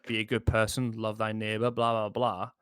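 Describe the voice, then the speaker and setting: A man's voice: lowish voice, monotone, normal speed, a bit bright, clear, resonant tone. A man co-hosting a casual podcast chat over whiskey, rambling and blunt with frequent restarts. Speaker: podcast co-host.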